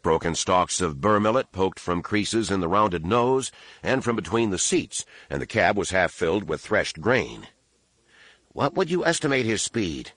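A man narrating an audiobook in a steady, measured storytelling manner. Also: sits low, dry recording. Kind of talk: scripted narration.

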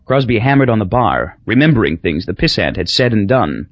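A man reading a novel aloud as the narrator, in a dry, measured storytelling manner. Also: lowish voice, sing-song, no echo. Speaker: audiobook narrator. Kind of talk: scripted narration. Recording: dull lo-fi recording.

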